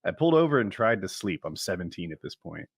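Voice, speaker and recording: A man co-hosting a podcast, telling stories in a calm, detailed way during casual chat. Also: low voice, fast talker, gravelly, no room sound. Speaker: podcast co-host.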